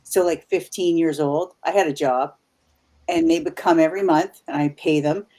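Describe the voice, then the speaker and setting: Low-pitched and mellow, this woman speaks at a normal pace. She's a paranormal investigator from Canada in her fifties, a guest who chats casually and meanders through her stories, often starting over and wandering into side remarks.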